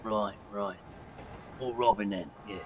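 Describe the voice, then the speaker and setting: A man's voice: lowish voice, steady tone, a little slow, faint music behind. A British man in a roleplay game, teasing and sarcastic, swearing freely in casual banter. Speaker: roleplay character.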